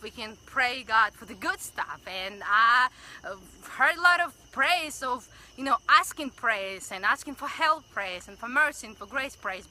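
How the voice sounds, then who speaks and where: Bright, excited livestream woman. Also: high voice, low-quality recording. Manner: excited, gushing, greets viewers by name. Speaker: community livestream host. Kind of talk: Facebook Live chat and prayer. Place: outdoors by a building, livestreaming. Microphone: phone livestream.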